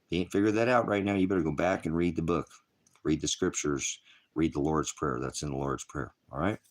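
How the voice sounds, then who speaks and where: Deep-voiced man preaching off the cuff. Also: brisk. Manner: rambling and impassioned, mocks with put-on voices. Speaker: pastor of an online ministry. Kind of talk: casual sermon.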